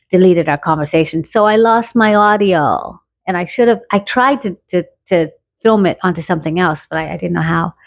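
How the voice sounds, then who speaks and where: A middle-aged woman with a fairly low voice tells a personal story in a casual way. She is animated and acts out the lines of dialogue as she goes. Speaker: guest telling a personal story.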